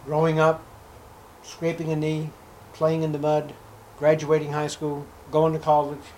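A man delivering a sermon with a voice pitched a bit above most men's. He declaims scripture loudly, then drops to a hushed, intimate tone. Faint insect buzz hums behind him. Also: slight background noise, poor audio. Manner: emphatic, swings between loud declaiming and hushed asides; reads scripture in old-fashioned biblical wording. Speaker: preacher.

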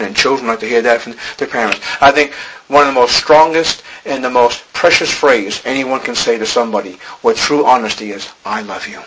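Bright-voiced preacher man, pleading. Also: medium pitch, slight background noise, rough recording. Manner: pleading, rising to emphatic exhortation. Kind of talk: sermon.

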